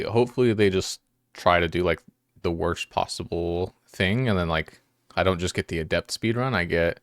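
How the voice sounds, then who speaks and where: A man's voice: low-pitched, creaky, dry recording, studio quality. A young man streaming a game, chatting casually with his viewers in a laid-back, rambling way. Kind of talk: casual live-stream chat while gaming.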